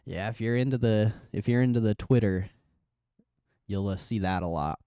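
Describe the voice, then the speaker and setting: Reading viewer comments on his casual livestream, this host stays relaxed, swears plenty and laughs often. He has a lowish, dark, clean voice and speaks at a moderate pace, with echo-free, clean studio sound.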